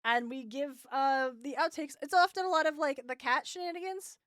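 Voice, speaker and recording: A woman's voice: high voice, moderate pace, a bit bright, no echo. Chatty podcast co-host woman, dry mic. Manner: chatty, many fillers, laughs often. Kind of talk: casual podcast chat, reading listener comments.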